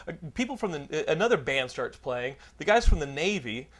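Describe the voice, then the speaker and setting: Middle-aged male host, swears constantly, runs on through his story, slightly higher-pitched. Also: very animated, brisk, a bit bright. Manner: profane, rambling anecdote teller. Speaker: podcast host. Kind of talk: casual storytelling chat.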